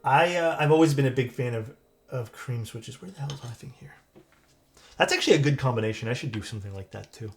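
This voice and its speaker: A man's voice: mid-range voice, quick pace, gravelly. A man with a Canadian accent chatting casually on a live stream, answering viewers' questions about keyboard parts. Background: faint music.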